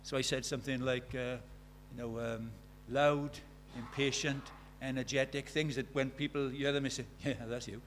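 A middle-aged Welsh man preaching a sermon, moving between loud declarations and quiet, hushed asides. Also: medium pitch, level tone, moderate pace, hardly any pauses, slight background noise. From Wales.

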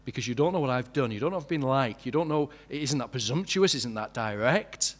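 A man's voice: medium pitch, lively intonation, fairly quick. A man preaching a sermon, asking many questions and building to emphatic peaks.

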